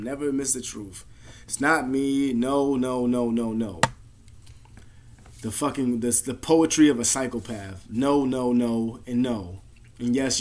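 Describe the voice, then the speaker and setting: Profane rambling man telling a story. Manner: trails off quiet and low at times. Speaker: vlogger. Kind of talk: personal storytelling.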